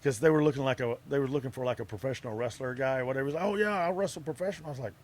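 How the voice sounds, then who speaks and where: A man's voice: medium pitch, fairly even intonation, rapid-fire, darkish tone. A middle-aged man, telling stories as an interview guest, often laughing and acting out other people's lines. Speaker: interview guest, wrestler and actor. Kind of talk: casual anecdotal storytelling. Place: outdoor music festival grounds.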